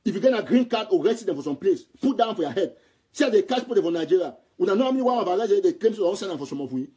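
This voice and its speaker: A political commentator from Southern Cameroon delivers impassioned audio commentary in Cameroonian Pidgin English. His high, husky voice has a dark, mellow tone, and he rushes expressively through his points in a heated, repetitive way.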